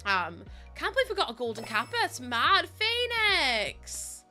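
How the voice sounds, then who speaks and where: A woman's voice: high voice, wildly swooping pitch, a little slow, few pauses, pushed and bright, soft background music. A young woman from Northern Ireland with a Northern Irish accent, streaming live and chatting with her viewers while she plays. She giggles and gushes, close to tears with gratitude.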